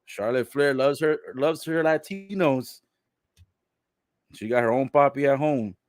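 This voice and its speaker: A man giving a casual live recap of a wrestling show, relaying what is said in the ring and reacting with laughs and loud exclamations. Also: mid-range voice, a little slow, no echo, studio quality. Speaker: live wrestling watch-along commentator.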